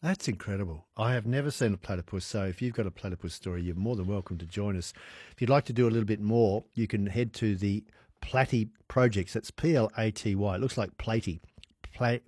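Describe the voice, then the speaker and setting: A man hosting a radio show in a chatty, relaxed way, inviting listeners to call in. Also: fairly low pitch, a little fast, breathy edge, no echo, studio quality. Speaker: radio presenter. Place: radio studio. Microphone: studio microphone.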